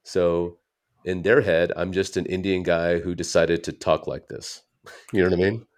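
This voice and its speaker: A man's voice: low voice, little pitch movement, moderate pace. A man from the United States, a comedian guest telling stories in casual interview chat, rambling and correcting himself as he goes. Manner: rambling, self-correcting storyteller.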